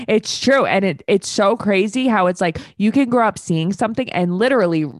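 A woman co-hosting a casual chat, chatty and quick to laugh and agree. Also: medium pitch, no echo, studio quality. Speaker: podcast co-host.

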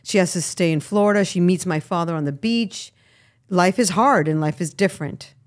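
A middle-aged woman from Miami, a guest actress, chatting casually in an interview and telling animated stories with frequent laughs. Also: fairly low pitch, normal speed. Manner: animated storyteller, laughs often, lively asides.

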